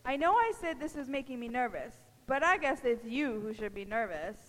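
Dry, high-voiced woman skit host. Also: animated, a little fast, big-room sound. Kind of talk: church stage skit.

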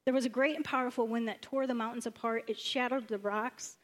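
A woman pastor preaching a sermon in a church, animated, acting out the lines of the stories she retells. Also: brisk. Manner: animated, acts out the prophet's lines with sudden high bursts.

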